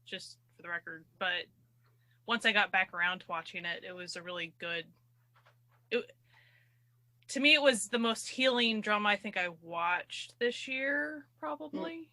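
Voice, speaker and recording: A woman's voice: mid-range voice, animated, normal speed, bright, forceful tone, no room sound. A woman co-hosting a podcast, talking hesitantly and thoughtfully, hedging her answers. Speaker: podcast co-host. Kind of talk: casual chat.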